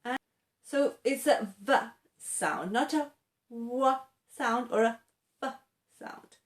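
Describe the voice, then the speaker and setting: A woman teaching English pronunciation, speaking in a slightly high voice at a very unhurried pace. She is patient and deliberate, repeating example words slowly and checking in with the viewer as she goes. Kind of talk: slow, clear pronunciation lesson to camera.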